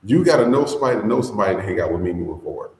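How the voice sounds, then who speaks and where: A man's voice: fairly low pitch, animated, rapid-fire, vocal fry, a little mellow, reverberant, poor audio. A man hosting a podcast in casual commentary, blunt and profane, drawling with fillers. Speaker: podcast host.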